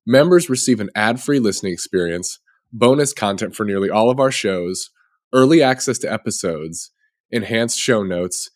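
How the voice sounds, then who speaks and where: Low-voiced man reading an ad. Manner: polite, even and scripted. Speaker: podcast producer. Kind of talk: read membership ad.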